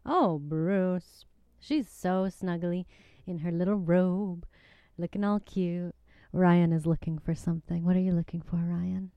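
A woman's voice: lowish voice, steady tone, unhurried, no echo, lo-fi sound. A woman hosting her podcast from home at a microphone, chatting casually in a bubbly, giggly, gushing way. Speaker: podcast host. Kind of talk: casual chat. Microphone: desk microphone.

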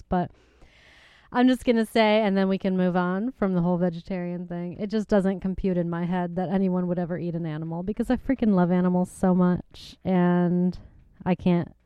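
Woman, podcast host, bubbly, giggly, smooth clear voice, dry close sound. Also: fairly low pitch, moderate pace, warm tone, no echo. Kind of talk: casual chat. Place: home. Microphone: desk microphone.

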